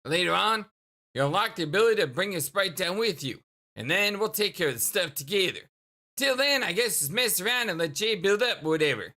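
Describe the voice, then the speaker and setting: A man voicing an older, cool, ironic teenage boy turned sprite, talking in a laid-back deadpan way with a slightly deeper voice. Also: a little fast, exaggerated voice.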